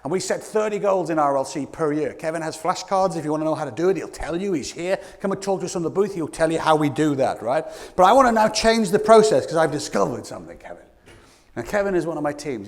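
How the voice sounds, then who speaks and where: A British man giving an energetic, playful motivational keynote as a leadership coach, calling out to the audience from a conference stage. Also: fairly high pitch, fast, big-room sound. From Britain.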